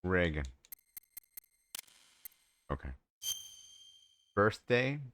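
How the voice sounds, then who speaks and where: Deep-voiced man streaming a game. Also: big pitch swings, extremely slow, a bit bright. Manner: offhand, joking asides. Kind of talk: casual live-stream commentary over a game. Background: game music.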